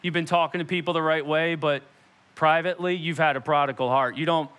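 A young pastor delivers a sermon with a bright, forward tone that sits a little higher than most men's. He tells personal stories and jumps into little acted-out quotes along the way, his delivery animated and conversational. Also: quick pace. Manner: animated storytelling preacher, acts out quotes.

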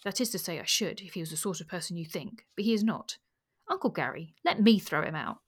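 A woman reading aloud as an indignant, hot-headed young man, heated and quick. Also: lowish voice, animated, breathy edge.

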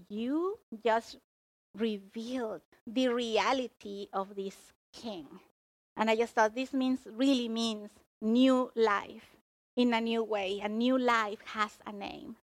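A woman preaching a sermon, emphatic and expressive as she tells the story. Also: fairly high pitch, no room sound.

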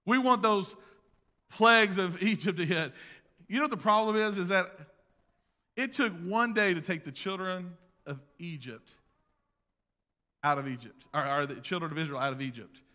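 A man preaching a sermon as pastor, swinging between loud emphasis and hushed asides, recorded in a church sanctuary. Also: sits high, normal speed, pauses often. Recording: long reverb of a large hall.

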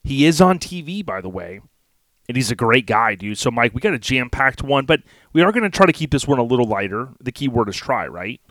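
A man's voice: medium pitch, big pitch swings, a little fast, a bit bright, no room sound. Easygoing male podcast co-host, folksy rambling delivery, mid-range voice, dry studio sound. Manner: laid-back, rambling, folksy. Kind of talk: casual podcast chat.

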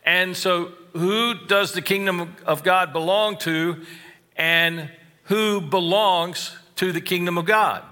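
A man preaching a sermon, slow and deliberate, stressing key phrases and adding wry asides. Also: high voice, fairly even intonation, bright, forceful tone, long reverb tail. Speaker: pastor.

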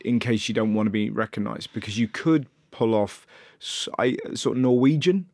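A man's voice: lowish voice, moderate pace, vocal fry, darkish tone, no room sound, studio quality. A man hosting a podcast, bantering casually with his guest, laughing often and swearing freely. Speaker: podcast host.

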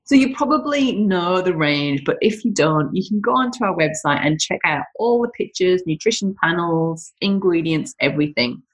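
Chatty lower-voiced woman. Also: animated, moderate pace, hardly any pauses, poor audio. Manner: chatty, laughing, frequent asides. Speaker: business owner and health coach. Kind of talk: casual chat to camera. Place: home kitchen.

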